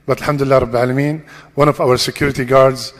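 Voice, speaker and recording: A man's voice: mid-range voice, little pitch movement, rapid-fire, slight background noise. A man leading a mosque congregation in a cheerful, informal way, laughing often and mixing in Arabic phrases. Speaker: mosque leader announcing a conversion. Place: large mosque hall. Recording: long hall reverb.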